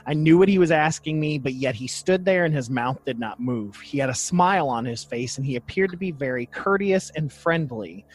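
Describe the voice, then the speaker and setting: A man's voice: fairly high pitch, lively intonation, moderate pace, few pauses, husky. A man co-hosting a casual podcast, joking and reading quotes aloud from sources. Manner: jokey, reads quotes aloud. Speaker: podcast co-host. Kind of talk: casual chat.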